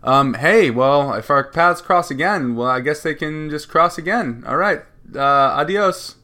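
Bright-voiced joking young man. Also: a little high, lively intonation, a little slow. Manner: crude, joking, laughs often. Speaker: podcast co-host. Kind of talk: casual chat.

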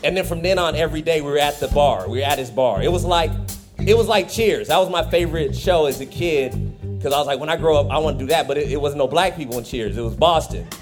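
High-voiced comedian spinning a story over music. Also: male voice, fast. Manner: animated, laughing, self-mocking. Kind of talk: comic personal storytelling. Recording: music bed under the voice.

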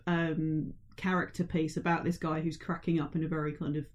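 A woman's voice: sits low, level tone, a little fast, dull audio. Woman, co-host, reflective and enthusiastic, casual talk. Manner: thoughtful, enthusiastic, acts out quotes. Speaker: podcast co-host. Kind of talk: casual film chat.

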